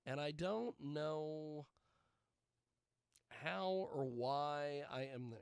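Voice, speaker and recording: A man with a gravelly, fry-heavy voice hosts a loose live show, drifting between topics and muttering jokey asides to himself. His voice sounds dry and close, with no room sound around it. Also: fairly high pitch, expressive, slow, no echo. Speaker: radio show host. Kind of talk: casual live show chat.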